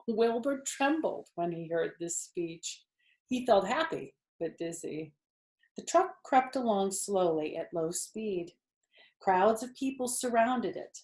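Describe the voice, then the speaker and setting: An older woman reading a children's book aloud, gently explaining words and asking questions. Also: mid-range voice, very animated, normal speed. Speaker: storytime host, children's book reader. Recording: roomy echo.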